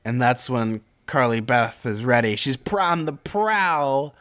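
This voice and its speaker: A man's voice: mid-range voice, measured pace, fairly bright tone. A young man co-hosting a casual podcast, retelling a spooky book with jokes and playful gasps. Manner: jokey, recaps plot with playful gasps and quoted voices. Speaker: podcast co-host.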